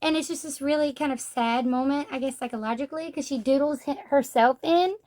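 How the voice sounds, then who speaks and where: A woman's voice: high-pitched, fairly quick, darkish tone. A young woman chatting casually through a manga review, filling her talk with "like". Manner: chatty, says "like" often.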